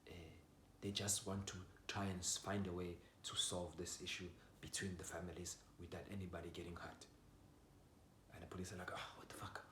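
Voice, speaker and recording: A young man telling a personal story in a casual way. He swings from loud outbursts to low mutters and swears freely. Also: completely flat delivery, brisk, slight background noise. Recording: roomy echo.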